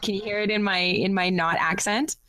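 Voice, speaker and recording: A woman's voice: medium pitch, fairly quick, over a noisy crowd. A Canadian woman guesting on an internet talk show, chatting casually, laughing often and poking fun at herself. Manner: laughs often, animated and self-deprecating. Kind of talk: casual chat.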